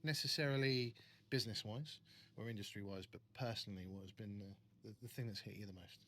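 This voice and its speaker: A man's voice: fairly low pitch, a little fast, a little hiss or hum. A man co-hosting an interview, asking questions with frequent restarts and repeated words. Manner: warm-hearted, stumbles and repeats words.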